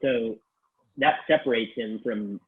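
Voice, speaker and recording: A man hosting a casual interview, relaxed and a bit halting. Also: medium pitch, phone-quality sound. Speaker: interview host.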